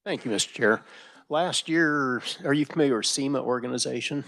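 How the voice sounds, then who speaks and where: A committee member, a man, asking halting questions at a legislative hearing. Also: mid-range voice, a bit bright.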